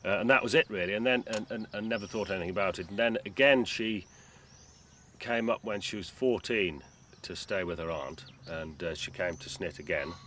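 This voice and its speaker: A middle-aged farmer from Cumbria with a very deep voice, speaking haltingly with many pauses and ums. He is recorded outdoors on a farm, with clear rural noise and insects behind him. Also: a bit bright. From Cumbria, England. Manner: modest, hesitant, many ums. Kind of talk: documentary interview.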